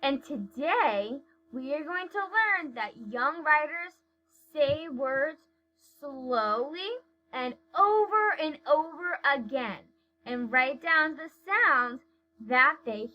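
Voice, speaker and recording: Slow, high-voiced woman teacher. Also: dull audio, a little hiss or hum. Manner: sounds words out slowly and stretches them. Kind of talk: slow, clear teaching to young children.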